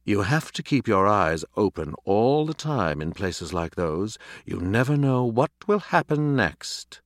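A man voicing a theatrical, paranoid male house cat in a storybook reading, smooth one moment and hysterical the next. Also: lowish voice, very animated, normal speed, fairly bright tone, no echo, studio quality. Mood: dramatic.

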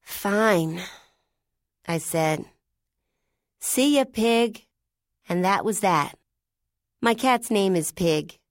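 A woman's voice: medium pitch, no room sound. A woman narrating a first-person storybook in a chatty, wry, conversational way on a close studio mic. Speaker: audiobook narrator.

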